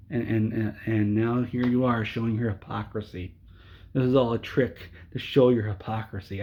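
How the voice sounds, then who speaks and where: A man with a husky, slightly breathy voice rants in mock exasperation, tripping over and repeating his words. His pitch sits at an ordinary middle. The audio is a bit dull and lo-fi. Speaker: video creator. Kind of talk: angry comedic movie rant.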